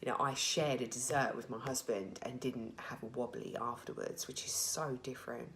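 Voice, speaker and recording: A British woman in her thirties with a strikingly deep, low voice talks through a candid personal video diary. She rambles openly with plenty of fillers and restarts, and a slight emotional edge sits in her voice. A faint hum of background noise runs under her. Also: moderate pace, vocal fry, fairly bright tone. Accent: British English. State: a little emotional. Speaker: vlogger sharing her recovery.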